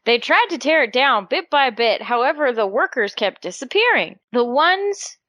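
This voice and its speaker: A woman's voice: high-pitched, sing-song, fairly bright tone, no room sound, lo-fi sound. A woman co-hosting a podcast, reading a horror story and joking about it. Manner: joking and quick to question the story. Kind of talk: casual story reading with banter.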